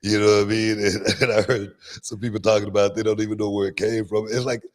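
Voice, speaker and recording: A man's voice: lowish voice, little pitch movement, quick pace. A middle-aged man, a podcast co-host, chatting casually, laughing often and repeating words as he thinks. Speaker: podcast host, former wrestler. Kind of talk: casual chat.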